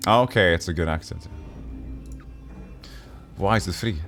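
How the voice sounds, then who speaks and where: A man's voice: sits low, measured pace, pauses often, fairly bright tone, faint music behind. A man streaming a retro RPG, chatting casually and joking with his chat. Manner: joking, reads chat aloud and answers. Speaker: livestreamer playing a retro RPG. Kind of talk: casual let's-play chat.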